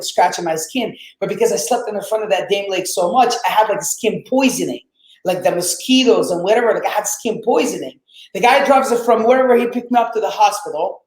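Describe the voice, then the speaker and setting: A man whose first language is Arabic, telling his story as a podcast guest in a lively, swearing, casual way and acting out quotes. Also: sits high, roomy sound, poor audio. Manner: animated, swears, acts out quotes.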